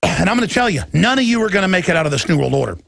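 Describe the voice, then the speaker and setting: Gravelly, intense male radio host. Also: high-pitched, very animated, rapid-fire, fairly bright tone, no room sound, clean studio sound. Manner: impassioned, ranting, mimics others in quoted voices. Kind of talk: talk radio monologue.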